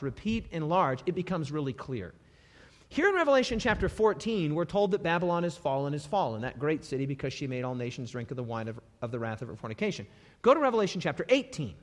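A man preaching a sermon, reading scripture dramatically with sudden emphatic bursts. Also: high voice. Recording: long reverb of a hall.

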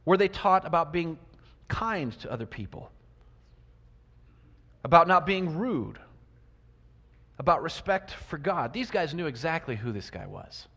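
A man preaching a sermon. He asks his listeners many rhetorical questions and swings between loud emphasis and quiet asides. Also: on the high side. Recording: long reverb of a large hall.

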